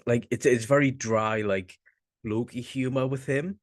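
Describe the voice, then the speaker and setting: A young man with a Northern English accent, co-hosting a casual chat, rambling and halting and swearing casually. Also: medium pitch, fairly even intonation, dry recording. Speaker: podcast co-host.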